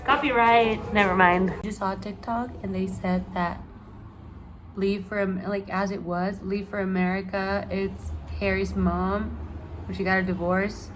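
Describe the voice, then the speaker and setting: A young woman talks in a loose, rambling vlog style, poking fun at herself while she chats. She sounds tired and sick, speaking in a middle-pitched voice. Steady noise hums behind her, sometimes car sounds. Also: unhurried. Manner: chatty, rambling, self-mocking. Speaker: vlogger. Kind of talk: casual vlog chat.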